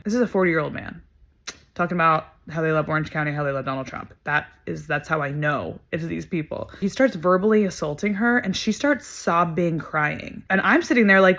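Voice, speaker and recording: A woman's voice: fairly low pitch, a little fast, creaky. Young woman vlogger, blunt and emphatic. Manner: emphatic, swears freely, lots of fillers. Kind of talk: casual storytelling to camera.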